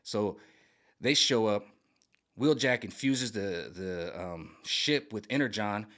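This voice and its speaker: A man casually pitching his own version of a film's story. He rambles, searches for words with many fillers, and keeps checking in with "right?" and "okay?". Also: slow, fairly bright tone. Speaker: fan video creator. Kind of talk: casual pitch of a film rewrite.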